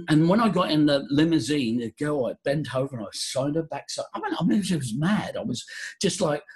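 Older man, husky voice, animated storytelling, casual interview guest. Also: on the high side. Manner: animated storyteller, voices quotes, frequent restarts. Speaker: vocal coach and guest.

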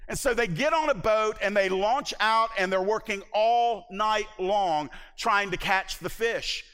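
A man's voice: sits high, unhurried, sharp tone, clean tone, big-room sound. A male pastor preaching a sermon, retelling a Bible story dramatically and acting out its voices.

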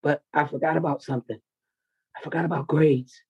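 A man's voice: fairly high pitch, fairly even intonation, brisk, creaky, breathy edge, dry recording, narrow, tinny audio. A man who coaches wrestling tells a raw personal story in an interview, intense, confessional and full of swearing.

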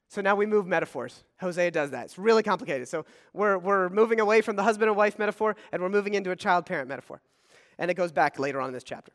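High-voiced preacher in a reverberant hall. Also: male voice, lively intonation, quick pace. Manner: swings between loud emphatic reading and quiet asides. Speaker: pastor. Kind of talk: sermon.

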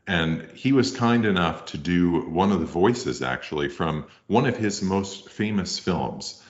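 A man co-hosting a podcast, making halting, mock-grand introductions. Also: low voice, expressive. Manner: hesitant, faux-grand introductions with fillers. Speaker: podcast co-host. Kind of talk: deadpan comedy bit. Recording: slightly muffled lo-fi audio.

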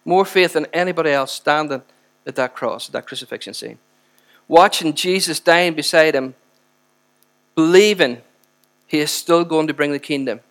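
A man preaching a sermon with impassioned, animated emphasis. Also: on the high side, moderate pace, pauses often.

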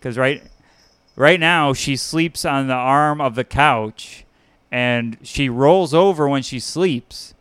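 A man's voice: mid-range voice, slow pace, fairly bright tone, clean tone, dry recording. A man co-hosting a podcast in casual chat, rambling and laughing often. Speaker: podcast co-host.

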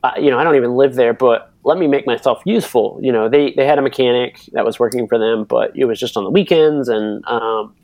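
A man's voice: mid-range voice, fairly quick, few pauses, darkish tone, dry recording, low-quality recording. Man telling a rambling racing story. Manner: rambling, many fillers, acts out others' voices. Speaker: interview guest, bike racer and mechanic. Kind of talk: casual storytelling.

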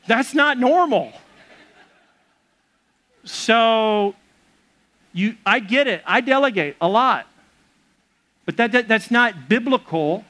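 A man's voice: sits high, bright, forceful tone. A man preaching a sermon as pastor of a church, conversational and joking with the congregation.

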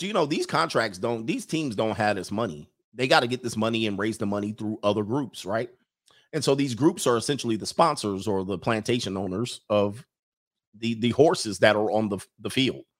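A man hosting a stream, ranting in a loose, joking, rambling way. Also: medium pitch. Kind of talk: casual commentary rant.

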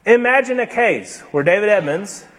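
A man preaching with a husky, somewhat breathy voice that sits fairly high for a man. His delivery swings between emphatic, raised passages and hushed, slowed-down lines. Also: lively intonation. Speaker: pastor. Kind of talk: sermon.

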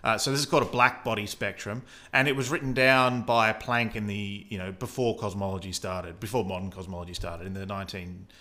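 Bright-voiced Australian man explaining physics. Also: on the low side, steady tone, fairly quick, few pauses. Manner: explanatory, thinking aloud with fillers. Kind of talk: conversational science explanation.

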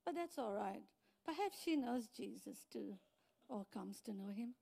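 A woman pastor in middle age delivers a sermon with a notably high voice. She preaches in an animated storytelling manner, acting out the lines of the people in her stories. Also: moderate pace, gravelly. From outside New Zealand. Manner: animated storytelling with acted-out quotes.

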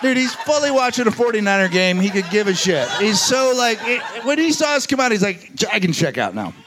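A man's voice: very high-pitched, lively intonation, fairly quick. A man co-hosting a live comedy podcast, cracking jokes and laughing as he chimes in. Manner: joking, laughing interjections. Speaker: podcast co-host. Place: live stage before an audience.

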